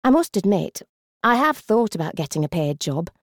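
A woman voicing a polite, quietly subdued shop volunteer in her mid-thirties. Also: on the low side, very animated, moderate pace, no echo, studio quality.

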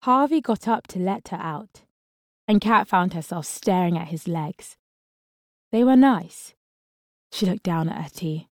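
A woman narrating a story in a calm, steady reading voice. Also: fairly low pitch, measured pace, dry recording, studio quality.

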